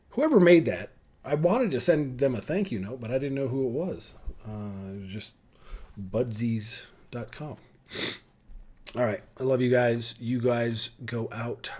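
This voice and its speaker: A man's voice: mid-range voice, a little mellow, husky. A middle-aged man ranting casually to his daughters in a rambling way, full of fillers and restarts. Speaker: vlogger speaking to his daughters. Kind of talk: casual rambling rant to camera.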